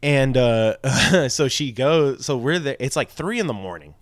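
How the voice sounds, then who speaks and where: A man's voice: medium pitch, expressive, a little slow, no room sound, clean studio sound. A young man co-hosting a podcast, telling a drunken story in a rambling, profane way with lots of fillers. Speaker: podcast co-host. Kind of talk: casual storytelling.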